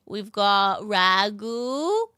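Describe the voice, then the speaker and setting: Bubbly, bright-voiced young woman streamer. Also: on the high side, no echo. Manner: bubbly, rambling, cutesy slang. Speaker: VTuber streamer. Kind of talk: casual live-stream chat.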